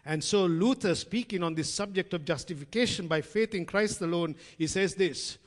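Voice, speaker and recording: A man's voice: high voice, normal speed. A man preaching a sermon to his congregation, chatty and storytelling, calling them friends and acting out the voices of people in his stories. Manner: conversational, addresses congregation as friends; acts out quoted voices in storytelling. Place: church hall. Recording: long reverb in a large hall.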